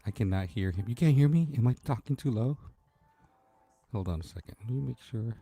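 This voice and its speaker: A man's voice: mid-range voice, animated, a little fast, warm tone, breathy edge. A man hosting a casual late-night livestream from home, chatting in a laid-back way and greeting viewers by name. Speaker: livestream host.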